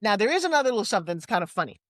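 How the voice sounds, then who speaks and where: A woman in her sixties with a New York accent, a guest telling personal stories in a lively, candid way with quick asides. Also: mid-range voice, dry recording, studio quality. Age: 60s. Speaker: interview guest. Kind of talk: personal storytelling in conversation.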